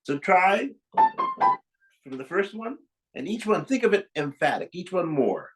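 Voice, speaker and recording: The teacher's high voice swoops wildly in pitch as he speaks a little slowly, coaching a young student at the piano with encouragement and demonstrated phrases. It's a masterclass setting in a room with a piano playing, and the low-quality audio has loud piano over the voice.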